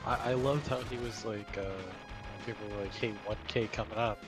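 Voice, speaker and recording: A man's voice: lowish voice, fairly even intonation, fairly quick, music in the background. A man in casual livestream chat, gleeful and mocking.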